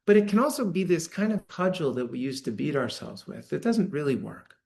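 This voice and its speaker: A man's voice: on the high side, big pitch swings, brisk, gravelly, darkish tone. A man giving a dharma talk to a live audience in a church hall, speaking conversationally and often checking in with "right?". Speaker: meditation teacher.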